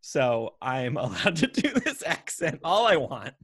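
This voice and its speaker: A man's voice: mid-range voice, wildly swooping pitch, measured pace, a bit bright, husky, no echo. Giggly man with a dry, close sound. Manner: giggly, laughs often. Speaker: podcast co-host. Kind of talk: casual product-review chat.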